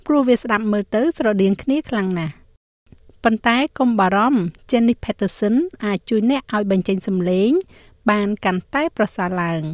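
Woman announcer reading an intro really fast, dry close studio sound. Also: mid-range voice, no echo. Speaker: podcast announcer. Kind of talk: scripted narration.

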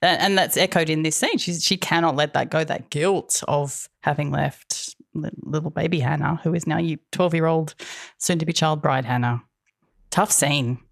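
A woman's voice: deep voice, normal speed, creaky, no room sound, clean studio sound. A woman co-hosting a podcast, recapping a TV episode in a chatty, wry way and laughing often. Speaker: podcast co-host. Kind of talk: casual TV recap chat.

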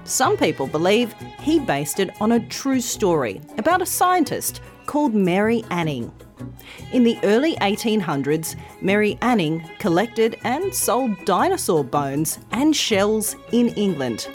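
Slow, lively woman teaching. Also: mid-range voice, faint music behind. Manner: slow, clear, carefully articulated. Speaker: language podcast host. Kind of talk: scripted English pronunciation lesson.

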